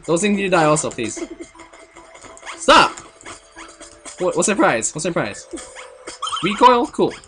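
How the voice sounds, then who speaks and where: A young man giving jokey, excitable commentary while playing a video game, with sudden outbursts. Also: sits high, a little slow, pauses often, music in the background. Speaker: let's play gamer. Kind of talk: goofy gameplay commentary.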